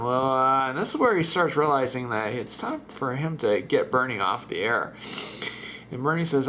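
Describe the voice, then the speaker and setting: A man's voice: mid-range voice, expressive, normal speed, sharp tone, a little hiss or hum. A man giving casual, offhand asides while narrating a comic voice-over dub. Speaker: parody translator.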